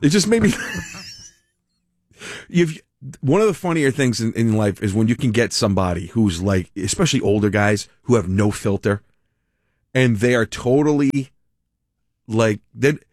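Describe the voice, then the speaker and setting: Rambling radio host, dry. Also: male voice, on the low side, animated, a little slow, pauses often, a little mellow, no echo. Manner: rambling, laughing, self-interrupting. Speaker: radio talk show host. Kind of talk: casual on-air talk.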